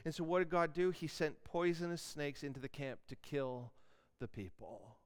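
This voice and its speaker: A man preaching with an animated delivery, his voice smooth and resonant and pitched a little above the usual male range. He acts out questions and objections as he goes. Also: moderate pace. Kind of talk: sermon.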